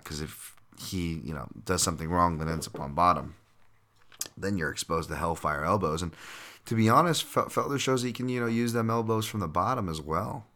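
A man's voice: deep voice, bright, forceful tone. A man hosting a casual solo podcast, breaking down fights while thinking aloud, with lots of fillers, restarts and the odd chuckle. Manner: chuckles now and then while talking. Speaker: podcast host and fight analyst.

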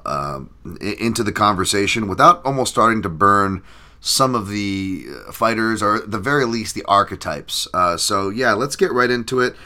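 A man's voice: on the low side, bright, forceful tone. A man hosting a casual sports podcast, rambling with many fillers and restarts, chatty and self-deprecating. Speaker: podcast host. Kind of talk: casual chat.

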